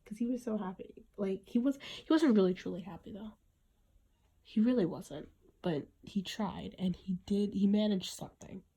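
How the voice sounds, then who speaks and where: Husky, mellow-voiced woman podcasting. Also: medium pitch, normal speed. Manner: earnest, reflective, many restarts. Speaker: podcast host. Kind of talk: casual podcast monologue.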